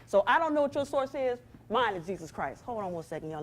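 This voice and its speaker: On stage, this woman gives an inspirational talk straight to the listeners, with a spirited, sermon-style cadence. Her pitch is medium and she speaks quickly.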